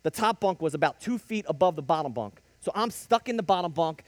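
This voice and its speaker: Fairly quick and expressive, a fairly high male voice delivers a faith testimony like a preacher telling a story. Punchy short lines climb into bursts, captured in a dry recording.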